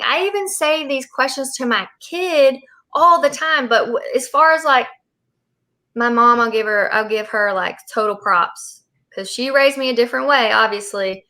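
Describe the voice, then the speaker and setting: A woman's voice: sits high, moderate pace, bright, forceful tone. A woman hosting a casual parenting discussion, talking in a loose, rambling way with lots of fillers. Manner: rambling, many fillers and restarts. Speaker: host.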